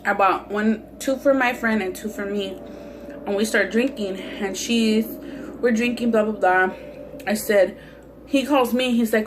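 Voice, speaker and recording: A woman's voice: mid-range voice, unhurried, noisy background. A young woman vlogger telling a heated, profanity-laced personal story with lots of restarts while she eats on camera. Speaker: mukbang vlogger. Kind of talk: casual storytelling while eating.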